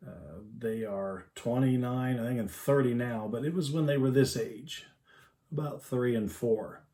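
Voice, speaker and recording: A man's voice: medium pitch, measured pace, warm tone. A man in his fifties, a father telling a family story in an easygoing, homespun, chuckling way. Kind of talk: folksy storytelling.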